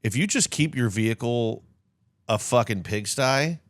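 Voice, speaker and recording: Podcast dude, deadpan jokes, voice bouncing all over, dry close sound. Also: male voice, mid-range voice, measured pace, no echo. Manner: deadpan joking, swears, lively ups and downs. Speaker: podcast co-host. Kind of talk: casual podcast banter.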